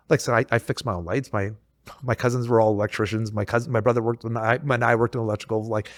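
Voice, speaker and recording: Man, realtor co-host, casual and animated story delivery, dry close mic. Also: medium pitch, no room sound. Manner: animated storytelling, acts out quoted exchanges. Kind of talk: casual podcast chat.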